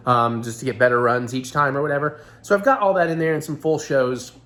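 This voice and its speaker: A man hosting his own vlog in casual chat, his voice hoarse and gravelly, rambling on with self-deprecating asides. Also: mid-range voice, fairly quick, fairly bright tone. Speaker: vlog host.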